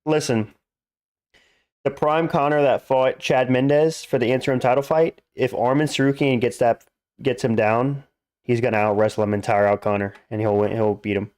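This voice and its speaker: A man live-streams fights in a mid-range, slightly mellow voice with fairly even intonation at a moderate pace, recorded in studio quality with no room sound. Chatting casually, he reads out chat questions and responds bluntly with crude, dismissive jokes.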